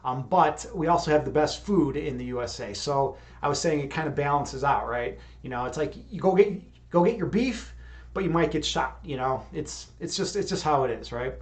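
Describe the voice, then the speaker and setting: Male streamer, somewhat high voice, loose rambling chat, swears and laughs freely. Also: lively intonation, moderate pace. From Chicago. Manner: rambling, profane, laughs often, restarts words. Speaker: streamer leading meditation. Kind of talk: casual live-stream chat.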